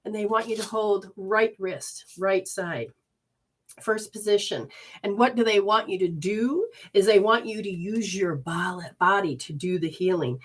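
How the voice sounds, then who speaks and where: A woman's voice: mid-range voice, husky. Soothing woman guiding a healing session. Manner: soothing, coaxing, repetitive instructions; talks to viewers and spirits, switches fast between voices. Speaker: spiritual healer giving live readings. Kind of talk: live-stream healing session and readings.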